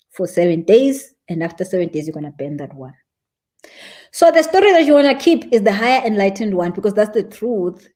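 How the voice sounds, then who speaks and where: Mellow South African woman teaching a ritual. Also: medium pitch. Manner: chatty, laughs at her own examples. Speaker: spiritual teacher. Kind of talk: live-streamed teaching of a ritual.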